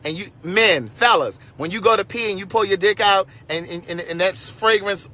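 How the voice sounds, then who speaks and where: A man in his forties telling a story to his viewers in a casual livestream, animated and sassy, with frequent asides. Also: high-pitched, moderate pace. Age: 40s.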